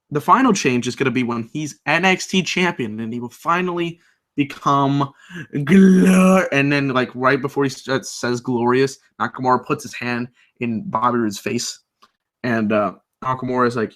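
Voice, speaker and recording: A man's voice: mid-range voice, fairly bright tone. A young man recapping a wrestling show in a casual, rambling video review, full of fillers and restarts. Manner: rambling, filler-heavy, enthusiastic.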